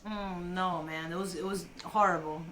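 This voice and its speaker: A woman's voice: on the low side, steady tone, fairly bright tone, slight background noise. A woman co-hosting a podcast, talking casually, with many fillers and strong opinions. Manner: chatty, halting, with many fillers and outspoken opinions. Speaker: podcast co-host. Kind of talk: casual chat about wrestling.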